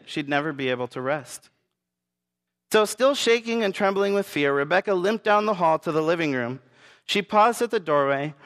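A man's voice: a little high, fairly bright tone. Man narrating a story in long reverb. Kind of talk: read-aloud story narration.

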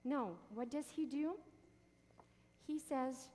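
A woman's voice: high-pitched, lively intonation, a little slow, a little mellow, big-room sound. A woman teaching a Bible passage in a sermon, often asking the listeners questions and answering them herself.

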